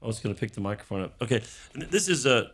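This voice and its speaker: A man hosting a Christian show, talking casually and teaching, congested and often clearing his throat. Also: medium pitch, lively intonation, very fast, a bit bright, a little hiss or hum. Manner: chatty, self-deprecating, throat clearing. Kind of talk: casual sermon talk.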